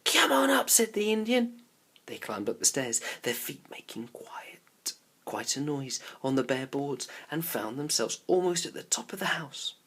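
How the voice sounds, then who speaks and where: A male teacher reads a children's novel aloud to his class. His delivery is expressive and storybook-like. At tense parts he drops his voice to a near whisper. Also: medium pitch, a little slow, husky.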